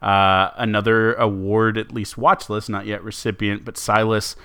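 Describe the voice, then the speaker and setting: A man's voice: lowish voice, flat delivery, normal speed, pushed and bright, clean tone, no room sound, studio quality. A man co-hosting a sports podcast, talking casually with many fillers and restarts. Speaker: podcast co-host.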